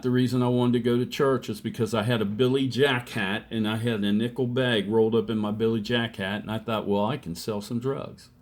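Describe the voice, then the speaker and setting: Slow-talking older man telling his story. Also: medium pitch. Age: 60s. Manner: plainspoken, slow storytelling with re-enacted quotes. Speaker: testimony speaker. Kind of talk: personal testimony, storytelling.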